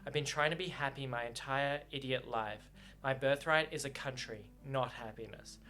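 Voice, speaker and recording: A man's voice: mid-range voice, normal speed, pushed and bright, close to an everyday voice. A man reading aloud as a young prince and heir who speaks in cutting, bitter, sworn outbursts. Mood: bitter anger.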